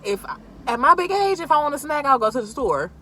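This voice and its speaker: A woman in her late twenties in relaxed, chatty casual talk while eating, quick to react. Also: high voice, slight background noise, poor audio. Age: late 20s. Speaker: co-host.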